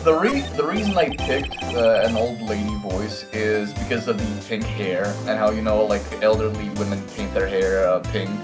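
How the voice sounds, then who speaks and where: A man's voice: lowish voice, normal speed, hardly any pauses. A man co-streaming a game, talking in a rambling, hesitant way full of fillers. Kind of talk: casual let's play chat. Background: game music.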